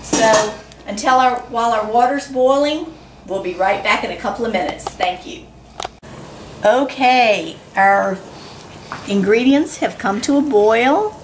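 A woman with a slightly high, slightly slow voice hosts a casual cooking show at home, chatty and enthusiastic as she cooks and talks while tasting the food. The kitchen is echoey, with pots and dishes clattering and slight background noise.

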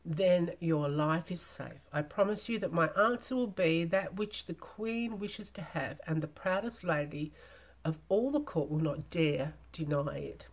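A woman voicing a withered, crafty old hag in a storybook reading, with husky, insistent speech. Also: lowish voice, measured pace. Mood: coaxing.

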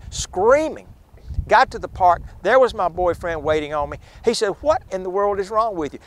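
A man's voice: sits high, slight background noise. A man guiding a ghost tour outdoors, retelling a witness's story with dramatic flair and acting out the voices of the people in it.

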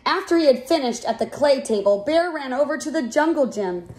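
A woman reading a children's picture book aloud in a clear, expressive way. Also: sits high, brisk. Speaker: storyteller.

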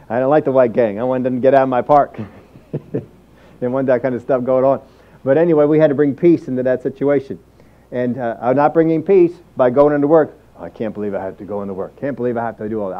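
A man preaching, his voice sitting somewhat high for a man. He presses his points with repeated phrases and acts out what people think. The recording sounds muffled and lo-fi. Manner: emphatic preaching with repeated phrases and acted inner thoughts. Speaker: pastor. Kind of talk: sermon.

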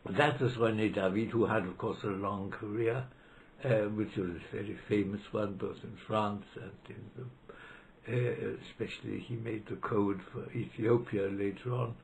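A man's voice: fairly low pitch, fairly even intonation, unhurried, creaky, low-quality recording. Man in his nineties, reminiscing interviewee, hesitant delivery with fillers, faint hiss. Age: 90s. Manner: hesitant, with many fillers and restarts. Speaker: interviewee, retired law professor. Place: library room.

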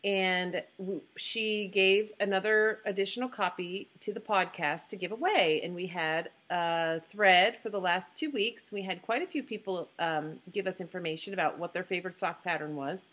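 A woman's voice: fairly low pitch, normal speed, few pauses, fairly bright tone. A woman co-hosting a knitting podcast, chatting casually and announcing giveaway winners in an upbeat way. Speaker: podcast co-host.

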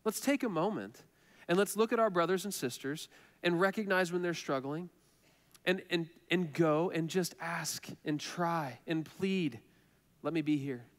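A man's voice: fairly high pitch, a little slow. A man preaching a sermon as pastor, earnest and conversational, repeating phrases for emphasis. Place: church sanctuary. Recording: reverberant church hall.

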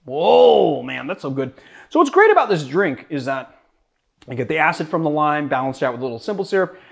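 Young male cocktail host from Boston, slightly high voice, casual and jokey, chatting as he mixes. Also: big pitch swings, fast, fairly bright tone. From Boston, USA. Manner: chatty, joking, self-deprecating.

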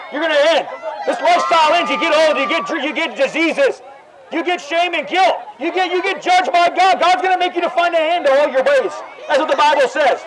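A man preaching fervently outdoors on a city street, repeating lines and quoting scripture. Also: very high-pitched. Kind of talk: open-air preaching. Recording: loud crowd and street noise. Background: loud crowd and street noise.

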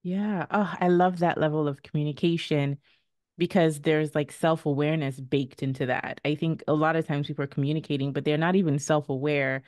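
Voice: mid-range voice, steady tone, fairly quick, darkish tone, no room sound, studio quality. A podcast host responding in casual interview talk, reflective and affirming.

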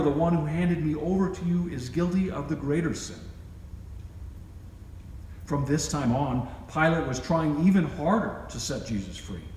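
A man's voice: fairly high pitch, darkish tone. A man reading scripture aloud at a worship service, raising his voice for the quoted lines. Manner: raises his voice for quoted speech. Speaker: scripture reader. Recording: echoey church with long reverb, faint hiss.

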